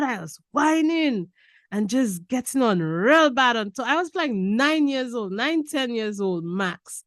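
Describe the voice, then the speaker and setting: A woman from Lucia, a podcast guest telling personal stories in a lively way, laughing and repeating key phrases. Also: a little high, measured pace, no room sound, studio quality. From Saint Lucia. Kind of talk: casual personal storytelling.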